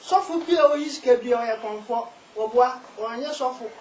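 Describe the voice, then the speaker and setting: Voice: mid-range voice, a little slow, a little mellow. Emphatic guest, echoey room. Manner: emphatic, repeats key phrases. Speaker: spiritual and herbal practitioner, guest. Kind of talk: casual interview talk. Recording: echoey room with faint noise.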